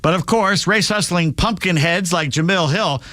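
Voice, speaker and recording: A man hosting live radio, reading the news with a sardonic edge. His voice sits a little high for a man. The studio sound is dry and close. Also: normal speed, sharp tone, no echo. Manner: sardonic, reads news items with jokes. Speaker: radio show host.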